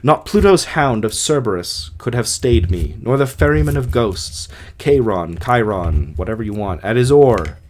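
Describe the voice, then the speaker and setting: A man voicing a grieving king in his own middle-pitched voice, reading earnestly for an amateur audiobook. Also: animated, moderate pace, few pauses, darkish tone, a little hiss or hum, close to an everyday voice.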